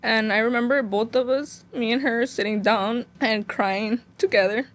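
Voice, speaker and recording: A woman's voice: on the high side, fairly even intonation, normal speed, fairly bright tone. A young woman from Phoenix, a guest sharing a painful personal story in a rambling, emotional way, full of "like" fillers. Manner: emotional, close to tears.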